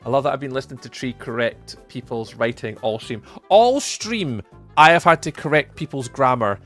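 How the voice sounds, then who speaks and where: Speaking at a moderate pace in an animated, fairly bright voice, a young Scot chats on a live stream and responds to messages from his viewers. He's talkative, his voice rising sharply when he greets them, with faint music behind.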